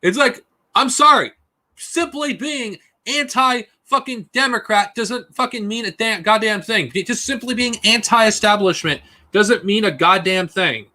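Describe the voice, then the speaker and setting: A man's voice: sits high, measured pace, sharp tone. A man ranting angrily and profanely on a live stream. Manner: angry profane ranting, mocking put-on whines.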